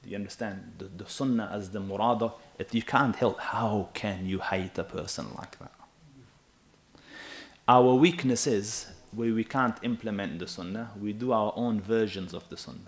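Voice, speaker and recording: Animated low-voiced male preacher. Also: moderate pace. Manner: animated and emphatic, with asides to the audience. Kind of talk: sermon.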